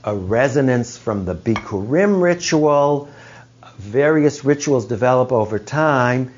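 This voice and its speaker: Slow, reflective male teacher. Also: medium pitch, expressive. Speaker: teacher leading a study group. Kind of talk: explanatory group teaching. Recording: dull lo-fi recording.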